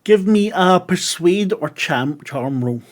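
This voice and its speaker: Man, game master, casual narration, laughs a lot, higher voice. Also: animated, slow. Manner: casual, swears, laughs easily. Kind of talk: narrating a tabletop horror game.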